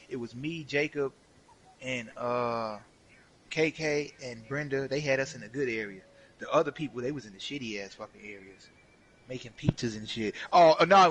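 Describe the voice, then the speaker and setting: Bright, animated young man telling stories. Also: medium pitch, rough recording. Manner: animated, profane, slangy, acts out quotes. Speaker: streamer. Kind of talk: casual storytelling while gaming.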